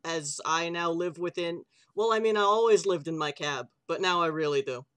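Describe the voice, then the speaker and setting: A player chatting casually in a laid-back, halting way. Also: mid-range voice, a bit bright, clear, resonant tone. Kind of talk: casual chat.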